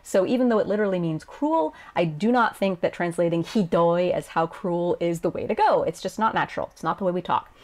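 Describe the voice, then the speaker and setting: A chatty woman with a slightly low voice talks through translation choices in a relaxed video lesson. She laughs often and slips into playful voices for quoted lines. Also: brisk, hardly any pauses. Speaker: Japanese game translator. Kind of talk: casual explanatory video lesson.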